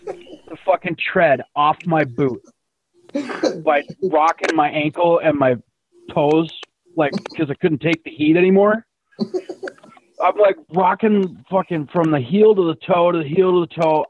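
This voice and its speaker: Profane man telling stories over a tinny line. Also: on the high side. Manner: profane, animated storytelling. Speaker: build team member. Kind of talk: casual chat. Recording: tinny phone-like sound with faint noise.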